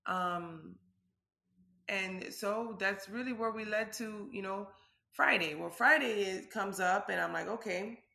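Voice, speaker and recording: Bright-voiced woman telling a personal story. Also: medium pitch, slow, creaky, reverberant. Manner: open and conversational, frequent "like" fillers. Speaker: vlogger.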